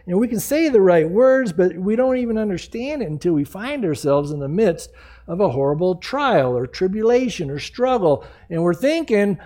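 A man's voice: high-pitched, sing-song, a little fast, warm tone. A man in his sixties preaching a sermon in a conversational, jokey way, acting out the people he quotes. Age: 60s. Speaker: pastor.

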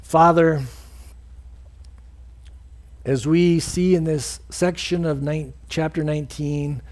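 A man preaching a sermon as pastor and leading a closing prayer in a church, earnest, acting out quoted speakers in a higher voice. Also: fairly even intonation, slow pace, a little mellow.

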